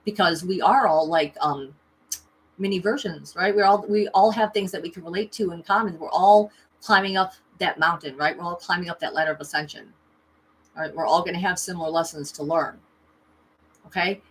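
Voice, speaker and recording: A woman's voice: on the low side, moderate pace, slight background noise. A woman hosting a spiritual livestream, telling a personal story in a chatty, profane way, checking in with "okay" and "right" as she talks into a camera at home. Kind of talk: casual storytelling monologue.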